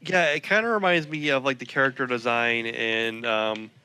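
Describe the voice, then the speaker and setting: A man's voice: mid-range voice, steady tone, normal speed, pushed and bright, a little hiss or hum. A young man co-hosting a let's play, making easygoing, teasing remarks about the game. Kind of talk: casual gameplay commentary.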